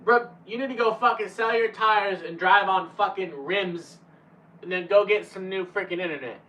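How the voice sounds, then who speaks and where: A man's voice: sits high, normal speed, pushed and bright. A man streaming live, chatting casually with viewers in a laid-back, profane way. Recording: distant, dull lo-fi mic with faint hum.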